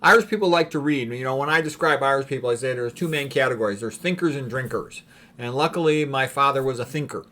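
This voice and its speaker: A man giving rambling, opinionated commentary on paintings, clearing his throat often between thoughts. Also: mid-range voice, quick pace, pushed and bright. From United States. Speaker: art commentator.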